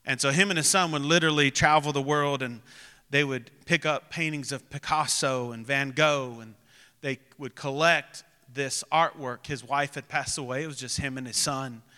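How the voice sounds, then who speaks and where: A man in his thirties preaching a sermon, telling stories and building to loud, emphatic preaching. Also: medium pitch, steady tone, normal speed, smooth, in a large hall. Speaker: pastor.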